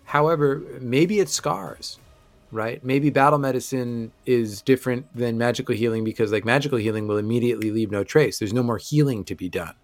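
A man's voice: mid-range voice, brisk, soft background music. Man running a tabletop game. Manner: explains rules, thinks aloud. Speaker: game master.

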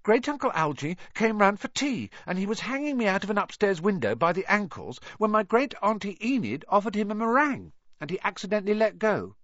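A man's voice: sits high, sing-song, brisk, few pauses, fairly bright tone, no room sound, dull audio, voice pushed up. A man voicing a shy, nervous young schoolboy who rambles eagerly.

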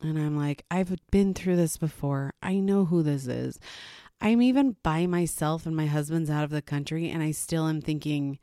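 Tired low-voiced woman telling a story. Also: normal speed, hardly any pauses, warm tone, smooth, no echo, studio quality. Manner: rambling, self-mocking, laughs between lines. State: tired from a sleepless night. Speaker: podcast host. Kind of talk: casual storytelling monologue.

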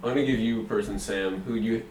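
A man hosting a podcast, chatting casually with quick, agreeable interjections. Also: fairly low pitch, fairly even intonation, a little mellow, distant mic. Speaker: podcast host. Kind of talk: casual chat. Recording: echoey room, off-mic, faint noise.

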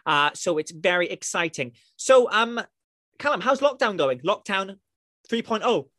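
A man from England hosts a laid-back podcast, his voice bright and edged, rising and falling with lots of animation. He chats and jokes freely, teasing himself as he goes. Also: sits high, big pitch swings, measured pace. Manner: chatty, jokey, self-deprecating. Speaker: podcast host. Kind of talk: casual podcast interview.

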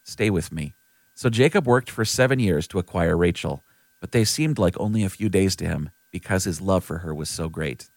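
A man giving a clear, steady scripted reading of scripture. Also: low voice, brisk, no room sound. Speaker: scripture reader.

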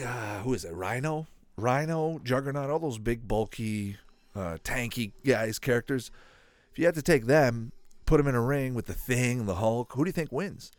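Animated man reacting out loud. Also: mid-range voice, dry recording. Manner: excitable, thinking aloud, quick reactions; asks the viewers questions. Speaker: reaction video host. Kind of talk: casual live commentary while watching a video.

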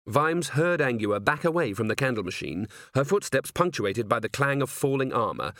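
A male narrator reading an audiobook with a very animated, lively pitch. The recording is dry and close, with nothing behind him. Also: moderate pace, hardly any pauses, no room sound. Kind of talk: scripted narration.

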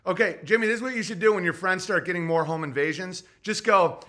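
A man's voice: high-pitched, fast, sharp tone. A man hosting a podcast, ranting in a sarcastic, profane, mocking way. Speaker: podcast host. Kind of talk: podcast rant.

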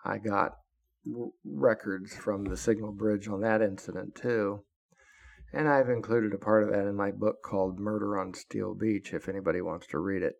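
A man's voice: lowish voice, fairly even intonation, moderate pace, creaky, darkish tone. A man in his sixties telling his own story bluntly and with profanity, flaring into heated outbursts. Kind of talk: first-person storytelling.

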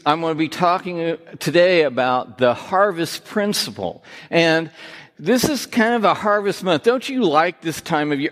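A man preaching a sermon, telling jokes and gently teasing himself and his listeners. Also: a little high. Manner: joking, self-teasing, lively. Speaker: pastor. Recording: reverberant hall.

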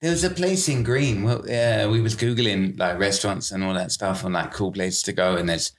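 A man's voice: on the low side, normal speed. A man with an Irish accent, a guest in a casual podcast chat; easygoing and agreeable, he often repeats words as he goes. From Ireland.

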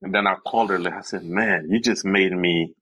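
A man as a podcast guest in a casual chat, speaking in relaxed, brief replies. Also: low voice, a little fast.

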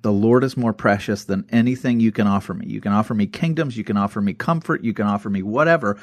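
A man in casual conversation, retelling Bible stories with lively acted-out quotes. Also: mid-range voice, no room sound, clean studio sound. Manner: animated storytelling, acts out quoted voices.

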